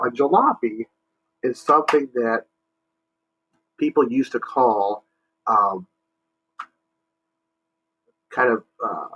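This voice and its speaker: A male teacher reads a picture book aloud to children. His bright, slightly husky voice moves at a slow, patient pace. He pauses to explain words and invites the kids to join in, on a dull, lo-fi recording. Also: medium pitch.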